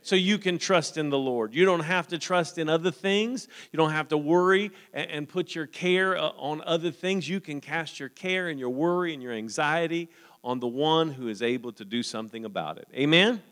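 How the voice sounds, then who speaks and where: A man's voice: a little high, normal speed, fairly bright tone. A man preaching a sermon as pastor, reading scripture aloud and then talking earnestly to the congregation, often asking "Amen?". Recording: long hall reverb.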